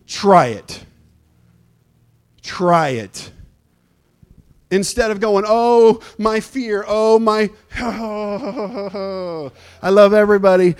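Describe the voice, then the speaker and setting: A man preaches a lively church sermon, telling stories and bursting into excited shouts. His voice sits high for a man. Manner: animated, storytelling, breaks into shouted excitement. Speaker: pastor.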